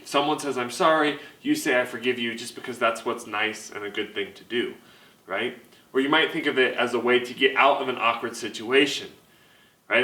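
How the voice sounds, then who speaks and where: A man's voice: medium pitch, fairly bright tone, reverberant. A young man giving a youth sermon to camera, talking conversationally and putting questions to his listeners. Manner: conversational, asks the audience questions. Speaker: youth pastor.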